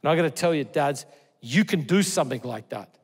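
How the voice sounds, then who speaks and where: A middle-aged man from Australia, preaching a sermon. He tells stories earnestly, moving between loud exclamations and hushed, tender lines. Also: fairly high pitch, animated, fairly quick, husky. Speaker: pastor. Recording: long hall reverb.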